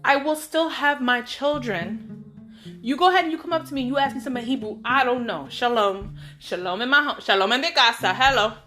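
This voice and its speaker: Woman, high voice, podcast host, casual storytelling, chatty, playful asides, faint guitar behind. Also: fairly quick, bright, forceful tone.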